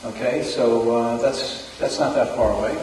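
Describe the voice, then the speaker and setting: A man with a New York accent announcing club news at a meeting, chatty and halting, with many fillers. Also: mid-range voice, steady tone, a little mellow, a little hiss or hum. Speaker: club member presenting new business. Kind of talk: casual meeting talk. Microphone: distant room recording. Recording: echoey hall recorded from far off.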